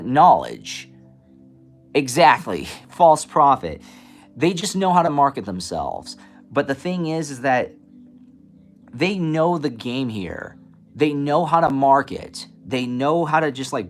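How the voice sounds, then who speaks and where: A man hosting a live stream, ranting in an animated, passionate way and stuttering and restarting often. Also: mid-range voice. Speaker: live stream host giving readings. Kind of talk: casual live-stream rant. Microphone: camera mic, moves the camera around.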